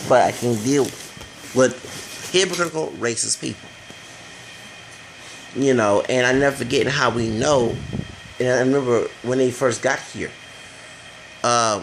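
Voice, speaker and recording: A man's voice: medium pitch, gravelly, a bit bright, slight background noise, poor audio. A man giving a rambling, blunt opinion rant for his vlog, swearing freely as he goes. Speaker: vlogger.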